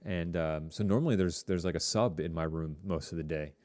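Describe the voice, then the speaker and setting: Low mellow guy teacher rambling to his class on stream, lots of um and like, dry sound. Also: brisk, no echo. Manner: rambling, filler-heavy, friendly asides to students. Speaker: high school TV production teacher. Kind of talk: casual live-stream class chat.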